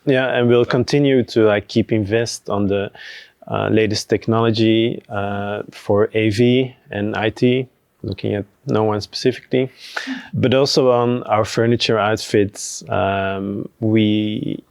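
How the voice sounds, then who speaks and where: A man talking casually on a podcast about running a venue, relaxed and hesitant with many fillers. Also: on the low side, measured pace, gravelly, clear, resonant tone, dry recording. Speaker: venue team member.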